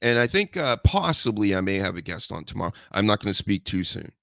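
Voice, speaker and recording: A man hosting a solo podcast, rambling and joking with mock threats and loud mocking outbursts. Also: fairly low pitch, big pitch swings, a little fast, vocal fry, dry recording, studio quality. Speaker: podcast host. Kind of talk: casual solo wrestling podcast chat.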